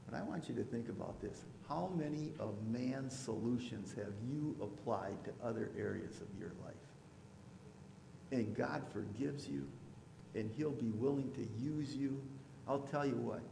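A man preaching a sermon as pastor, now and then mimicking loud objectors. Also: medium pitch, normal speed, vocal fry, slight background noise. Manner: preachy, rising to loud mocking voices for imagined objectors. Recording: echoey hall with long reverb.

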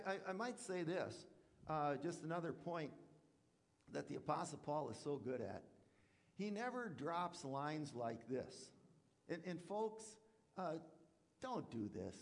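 A man's voice: a little high, long reverb tail. A man preaching a sermon as a pastor, talking conversationally with rhetorical questions and acted-out asides.

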